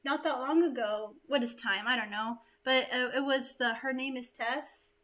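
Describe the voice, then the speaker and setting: A woman's voice: sits high, normal speed, fairly bright tone. A woman hosting a casual live-stream chat, reading viewer comments aloud and laughing often. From United States. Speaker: host.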